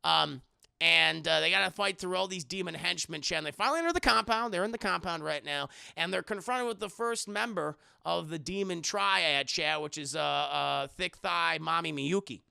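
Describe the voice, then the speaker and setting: A man's voice: a little high, normal speed, vocal fry, sharp tone, smooth, dry recording, studio quality. A young man reviewing an anime, rambling and profane, with lots of restarts as he talks to his chat. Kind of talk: casual recap addressing chat.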